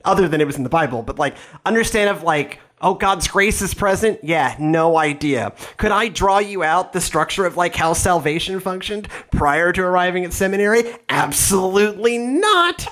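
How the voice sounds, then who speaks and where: Male pastor-host with a highish voice, casual and self-deprecating, loose and chatty. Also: a bit bright. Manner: self-deprecating, rambling with restarts and asides. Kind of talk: casual podcast conversation.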